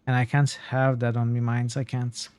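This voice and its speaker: A man's voice: mid-range voice, monotone, normal speed, darkish tone, clean tone, no room sound, close to an everyday voice. A man reading as a fretful old superstitious woman. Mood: weary. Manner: archaic folksy speech, fretful warnings. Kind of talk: reading game dialogue aloud.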